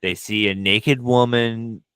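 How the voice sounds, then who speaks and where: A man co-hosting a podcast, casually recapping a horror film with animated bursts, quoted lines and frequent swearing. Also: mid-range voice, takes it slowly, clear, resonant tone, no room sound. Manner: frequent profanity. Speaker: podcast co-host. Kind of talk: casual movie recap chat.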